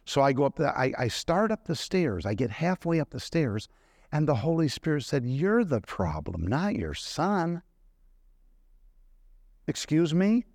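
A man's voice: fairly high pitch, expressive, normal speed, darkish tone, no echo. Man preaching a sermon, dry sound. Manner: storytelling, conversational, asks the congregation questions.

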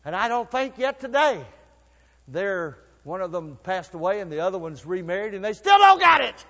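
An older pastor preaches with a high voice, telling folksy stories in low asides before rising to shouted calls. His words ring out with a long reverb, as in a church sanctuary. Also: sing-song, normal speed. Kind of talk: sermon.

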